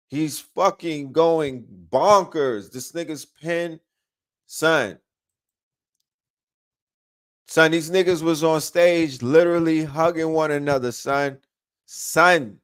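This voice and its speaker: A man giving an excitable live reaction to a new rap track, repeating lyrics and bursting out in slangy commentary. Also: a little high. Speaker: music reaction streamer.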